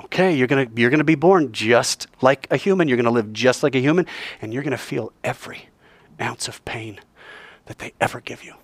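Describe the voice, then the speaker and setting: A man playing a calm, fatherly God, speaking in a low, steady, solemn tone. The voice sits close and dry. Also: fairly quick, dry recording, natural voice.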